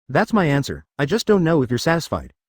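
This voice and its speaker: A synthetic man voicing an icy, arrogant young ninja from a web novel audiobook, talking with calm mockery. The delivery is quick and lively in pitch, with a dry, close sound. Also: breathy edge, no room sound, full character voice. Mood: cold.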